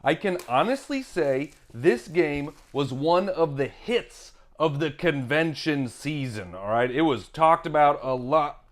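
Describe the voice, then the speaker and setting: A man's voice: a little high, expressive, measured pace. A man hosting a board game unboxing, off the cuff and playful, with goofy asides.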